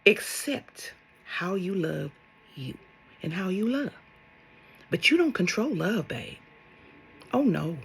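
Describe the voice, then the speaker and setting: A woman's voice: mid-range voice, very animated, takes it slowly, vocal fry, long pauses, breathy edge. A woman speaking as a spiritual love coach in a vlog monologue, blunt and sassy, swearing and firing rhetorical questions at her viewers.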